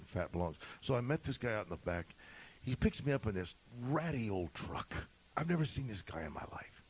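A middle-aged male pastor telling a story in a sermon, swinging from shouting to a hushed whisper. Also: mid-range voice, husky, poor audio.

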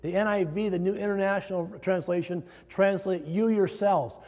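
A man's voice: high voice, steady tone, normal speed, darkish tone. Male pastor, sermon, emphatic rising delivery, church hall reverb, long echo. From Iowa. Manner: emphatic preaching with rising stressed phrases. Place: church sanctuary.

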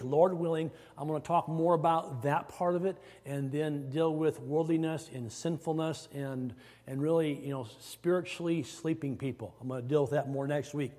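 A man delivers a sermon from the pulpit, his voice sitting a little higher than most men's. He preaches in an easy, conversational way, doubling back and restarting his phrases. The sound carries a long reverb from the hall around him. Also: dark tone. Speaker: pastor.

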